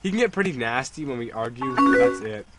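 A calm, guarded young college woman speaks in a flat, level reading, as a man reads her lines aloud. Her tone stays plain and even. Music plays underneath. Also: medium pitch, fairly quick, natural voice, rough recording. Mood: defensive.

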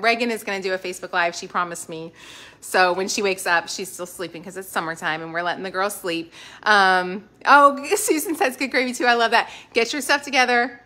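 Bright-voiced woman chatting live. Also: mid-range voice. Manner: gushing, effusive, thanks viewers by name. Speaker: lifestyle channel host. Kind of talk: live-stream chat with viewers. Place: home kitchen.

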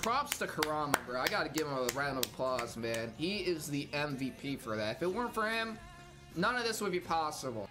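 A man hosting an anime reaction video, talking casually with slang, shouting out in surprise and sometimes falling to a hushed whisper. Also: fairly high pitch, sing-song, fairly quick, over music. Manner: casual and slangy, exclaiming loudly then dropping to hushed whispers. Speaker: host.

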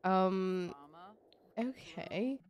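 A woman's voice: mid-range voice, very slow, darkish tone, clean tone. A woman giving casual, chatty gameplay commentary, gushing and giggling as she goes. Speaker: let's play creator.

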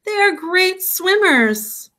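A woman's voice: very high-pitched, very animated, takes it slowly, pushed and bright, pitched above the performer's own voice, exaggerated voice. A woman voicing a patient, encouraging mother frog who coaxes her son along. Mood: reassuring. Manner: coaxing, patient.

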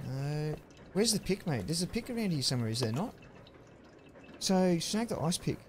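A man's voice: on the high side, sing-song, moderate pace, background noise. A man streaming a horror game, chatting casually in slang and greeting viewers by name as he plays. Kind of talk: casual let's-play commentary.

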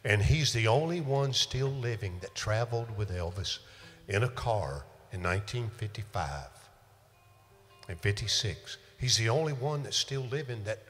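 A man's voice: lowish voice, expressive, moderate pace, long reverb tail, soft background music. An older man, a country singer chatting and telling stories between songs in a folksy, laid-back way. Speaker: country singer hosting a live show. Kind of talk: casual stage banter and storytelling. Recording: loud live band backing.

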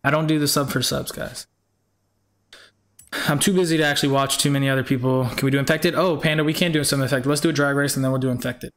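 A man's voice: mid-range voice, fairly even intonation, fast, a bit bright. A young man hosting a live game stream in casual chat, greeting viewers by name and firmly repeating himself.

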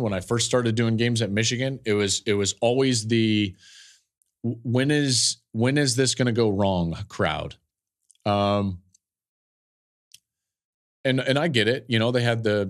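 Animated man breaking down game footage. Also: fairly low pitch. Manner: animated storytelling with restarts and emphatic words. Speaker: podcast host and football analyst. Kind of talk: casual analysis.

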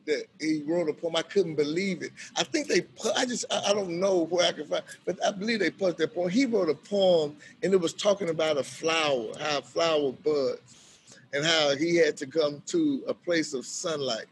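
Animated storytelling bishop, a man. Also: on the high side, normal speed, slight background noise. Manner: animated, acts out quoted voices, laughs often. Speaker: bishop and violence-prevention worker. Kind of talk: casual storytelling in a conversation.

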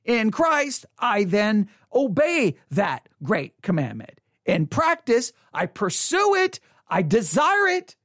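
A woman's voice: high-pitched, a bit bright, no room sound, clean studio sound. A woman commenting bluntly and emphatically on a recorded sermon in a casual way.

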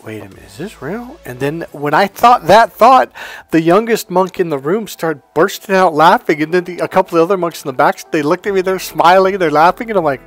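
A man's voice: high-pitched, brisk, soft background music. Rambling man telling spiritual stories. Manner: rambling, animated, laughs while telling stories. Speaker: spiritual coach and video host. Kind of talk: casual storytelling monologue.

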